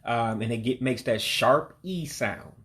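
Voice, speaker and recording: A man giving a language lesson, patiently repeating vocabulary words slowly and breaking each one down. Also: medium pitch, fairly bright tone. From heritage learner of Igbo descent. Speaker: language learner teaching vocabulary.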